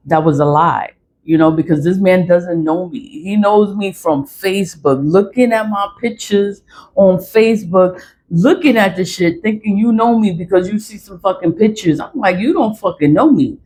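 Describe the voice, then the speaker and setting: A woman in a casual vlog monologue, venting a story bluntly and with a lot of swearing. Her pitch sits in the middle of the range, and she hammers her points home by saying them over and over. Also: a little mellow, a little hiss or hum. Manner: emphatic, repeats herself for stress. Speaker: vlogger.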